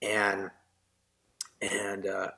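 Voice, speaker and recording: A man's voice: low-pitched, monotone, very slow, creaky, pushed and bright. A man, a military veteran, earnestly telling his personal story as a guest in a podcast interview, with many fillers and tag questions.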